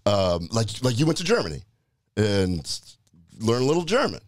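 A man in his fifties hosting a casual interview, relaxed and conversational, prompting his old friend with questions. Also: fairly low pitch, moderate pace, no echo, clean studio sound. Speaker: podcast host.

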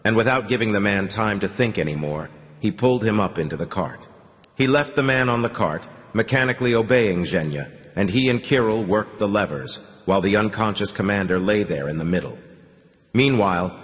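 A man narrating a novel in a steady, measured audiobook reading. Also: fairly low pitch. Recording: long hall reverb.

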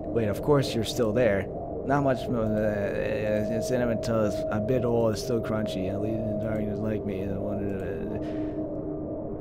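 A man hosting a casual let's-play gaming video, swearing, laughing at his own jokes and thinking out loud as he plays. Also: fairly low pitch, steady tone, unhurried, over loud music.

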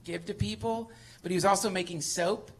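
A man guesting on a live comedy podcast, ranting excitedly and swearing a lot, sometimes building to shouts. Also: high voice, fairly quick. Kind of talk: casual comedic chat on a live show. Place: live venue on stage.

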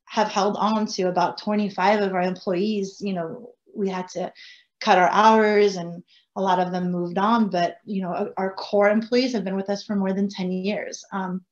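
A woman who owns a family restaurant, telling animated stories on a video-call panel. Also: medium pitch, moderate pace, highs cut off. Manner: animated, chatty storytelling. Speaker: restaurant owner. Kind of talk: panel discussion.

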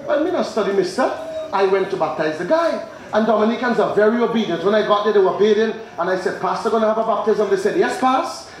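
A man preaching an evangelistic sermon, telling stories and quizzing the congregation, building to shouts. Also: high voice, expressive, quick pace, slight background noise. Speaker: pastor. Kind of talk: evangelistic sermon with call and response. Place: church or tent with congregation. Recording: very echoey hall with crowd.

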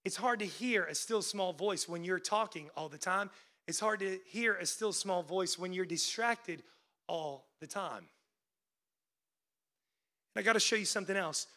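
A male pastor preaching a sermon, swinging between loud, urgent peaks and hushed lows, with casual "like" asides and calls to the congregation. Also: a little slow. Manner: conversational asides with frequent "like" fillers.

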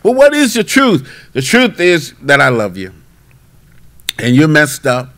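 A bishop teaching a midweek Bible class with a somewhat high male voice. He tells stories and drives home his points with lively emphasis. His delivery moves between plain explanation and emphatic preaching. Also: measured pace.

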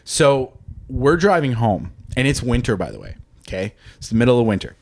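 Speaking fairly quickly in a mid-range voice with vocal fry, a man recounts a story as a guest in a casual podcast chat. He's animated, curses freely, and performs the quoted voices of the story's characters.

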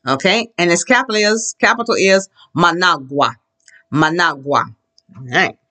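Upbeat teacher voice, very animated, drilling a class and drawing out words to demonstrate pronunciation. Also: medium pitch. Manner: slows down to model pronunciation. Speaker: Spanish teacher. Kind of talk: classroom language lesson.

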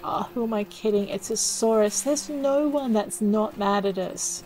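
Lady chatting thru her game, mid pitch, jokey and a bit self-mocking, talking to herself on a desk mic. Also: moderate pace, darkish tone, faint music behind, low-quality recording. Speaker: let's play gamer. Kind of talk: casual gameplay commentary.

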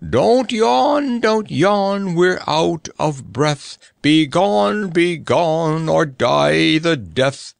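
A man voicing a gloomy, dignified old knight with a high, hoarse voice and archaic, stately speech in an audiobook. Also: big pitch swings, takes it slowly, dry recording, studio quality. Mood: bellowing song. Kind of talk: audiobook character voice.

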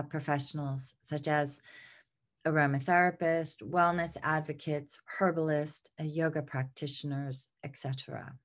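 Low-voiced woman teaching, congested. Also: a bit bright. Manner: unscripted, many fillers and restarts. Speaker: aromatherapy teacher. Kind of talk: presenting slides in a lesson.

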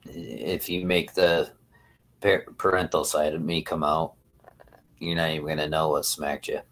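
A man's voice: a bass voice, little pitch movement, unhurried, a bit bright. A man hosting a casual livestream, rambling and swearing as he talks to his viewers. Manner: rambling, profane, talks to chat. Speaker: livestream host.

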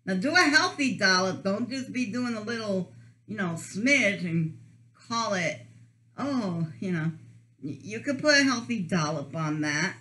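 A woman's voice: medium pitch, animated, unhurried, bright, forceful tone. A woman chatting casually and giggling as she eats through a food challenge on her vlog. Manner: giggly, chatty while eating. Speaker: vlogger.

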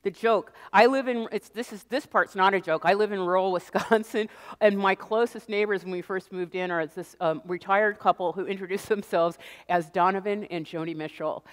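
A woman giving a public lecture on a stage, a lively, chatty storyteller who jokes with her audience. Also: mid-range voice, moderate pace. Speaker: guest lecturer. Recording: long reverb of a large hall.

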